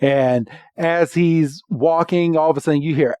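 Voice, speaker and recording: A man co-hosting a podcast and casually recapping a cartoon episode, with animated storytelling full of voiced quotes. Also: mid-range voice, moderate pace, few pauses, clear, resonant tone, dry recording. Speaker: podcast co-host.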